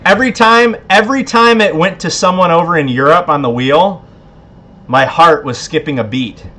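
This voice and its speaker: A man's voice: a little high, normal speed, bright, forceful tone. A man hosting a casual livestream giveaway, laid-back, a bit tipsy and laughing often. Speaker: livestream host.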